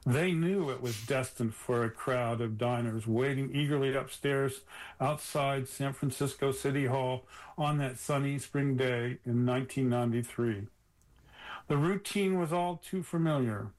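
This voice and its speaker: A man reading aloud from his own memoir as a radio guest, in a measured storytelling delivery. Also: mid-range voice, darkish tone, poor audio. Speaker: author reading from his book.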